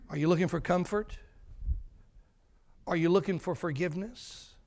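A man's voice: high-pitched, moderate pace, long pauses, a little mellow. A male pastor preaching a sermon in a church, telling a story dramatically and then leading a prayer.

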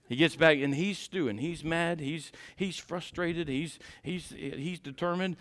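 A man preaching a sermon in a church and telling a personal story in an animated way, laughing along with the congregation. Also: on the high side, takes it slowly. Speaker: pastor. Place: church sanctuary.

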